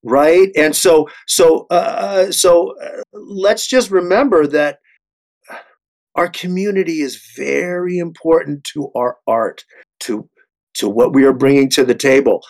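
A man's voice: a little high, a little slow, a little mellow. A man in his sixties, an actor on a panel, speaking earnestly with many restarts and repeated words. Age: 60s. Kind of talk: panel discussion.

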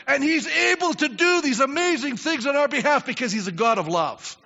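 An older man preaching a sermon as pastor, acting out prayers and swinging from quiet asides to shouts. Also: normal speed, vocal fry, few pauses. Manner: animated preaching, acts out prayers, drops low then shouts. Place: church sanctuary. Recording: dull reverberant church recording.

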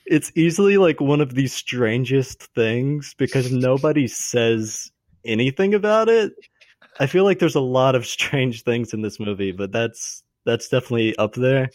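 A man co-hosting a casual movie review chat, talking hesitantly with many pauses. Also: medium pitch, darkish tone, no echo, studio quality. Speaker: podcast co-host.

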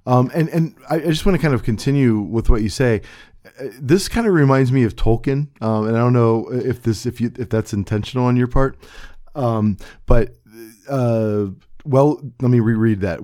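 Male podcast host, relaxed darkish voice, halting casual delivery. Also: medium pitch. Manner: hesitant, halting with many fillers. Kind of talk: casual discussion.

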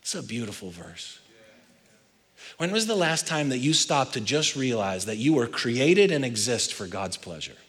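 A man preaching a sermon as pastor, swinging between loud urging and hushed intensity. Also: medium pitch, big pitch swings, moderate pace. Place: large church hall. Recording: long reverb of a large hall.

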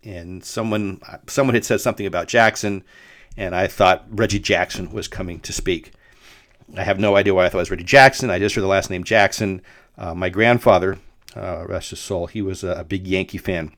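A middle-aged man with a fairly low voice tells a story on his podcast, wandering and full of fillers. The sound is dry and close. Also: fairly even intonation, fairly quick, fairly bright tone, no echo. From Denver, Colorado. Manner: rambling, with frequent fillers and restarts. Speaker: podcast host. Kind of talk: casual storytelling monologue.

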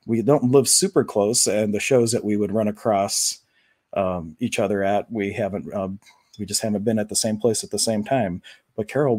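Low mellow-voiced man hosting a stream. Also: husky, dry recording, studio quality. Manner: relaxed, conversational, rambling with fillers. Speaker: live stream host. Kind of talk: casual spiritual talk to viewers.

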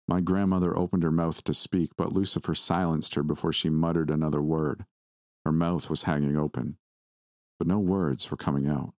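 Deep-voiced man reading a horror story. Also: no echo, clean studio sound. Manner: measured, steady reading. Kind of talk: scripted first-person horror narration.

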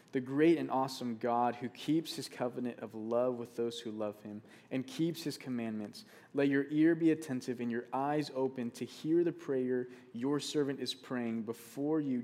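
A man's voice: medium pitch, darkish tone. A man preaching a sermon, speaking earnestly, repeating key phrases for emphasis and reading scripture aloud.

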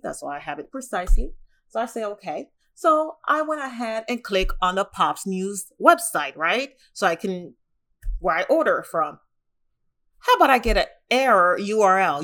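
A woman vlogging casually, telling an exasperated story with lots of fillers and big jumps in pitch. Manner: animated, exasperated, lots of "you know" fillers.

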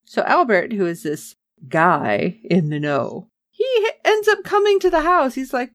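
A woman's voice: mid-range voice, wildly swooping pitch, moderate pace, a bit bright, no echo, studio quality. A woman chatting casually as a podcast co-host, recapping a TV episode with sarcasm and acting out the characters' lines.

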